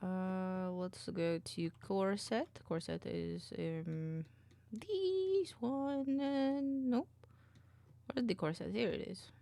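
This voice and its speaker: A woman's voice: medium pitch, lively intonation, slow pace, vocal fry, mellow. A woman streamer chatting casually with her viewers while she works, putting on a silly accent. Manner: chatty, reads chat aloud while working; playing up a silly put-on accent. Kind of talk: casual livestream chat.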